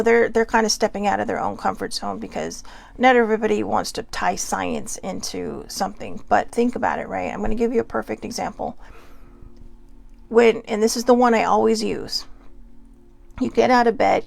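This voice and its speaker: A woman's voice: medium pitch, moderate pace, gravelly. A woman hosting a casual self-care pep talk, chatty and often checking in with "right?". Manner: chatty, keeps asking "right?". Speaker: host.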